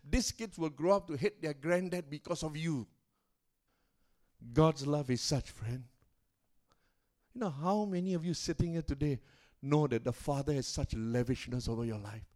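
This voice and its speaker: High-voiced pastor preaching dramatically. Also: male voice, moderate pace. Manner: dramatic storytelling with rising and falling loudness and pace; calls out to the congregation for response. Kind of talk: sermon storytelling. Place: church service.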